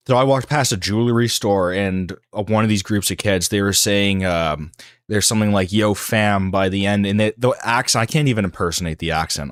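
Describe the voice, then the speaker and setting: A man's voice: low voice, dry recording, studio quality. A man hosting a livestream, talking in a casual, rambling monologue full of fillers and restarts. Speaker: livestream host.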